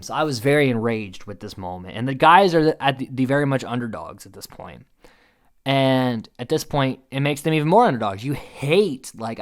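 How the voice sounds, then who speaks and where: A man's medium-pitched voice drives an animated recap full of his own opinions. He talks casually, curses and leans heavily on fillers.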